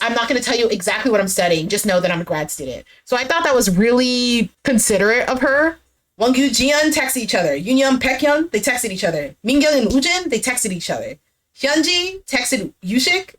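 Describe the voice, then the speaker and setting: A woman's voice: on the high side, a bit bright. A woman chatting casually as she recaps a reality dating show, acting out what people said and swearing now and then.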